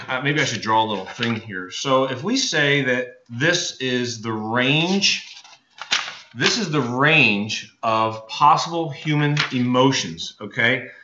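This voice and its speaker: A man giving a motivational talk in an energetic, emphatic way, often checking in with "right?" and "okay?". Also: mid-range voice. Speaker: motivational speaker. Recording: roomy, dull lo-fi recording.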